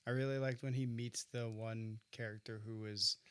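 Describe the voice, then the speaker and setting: Flat, smooth-voiced man on a podcast. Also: mid-range voice, no room sound. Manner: laid-back, gives short backchannel replies, tells stories slowly. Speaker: podcast co-host. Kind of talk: casual film discussion.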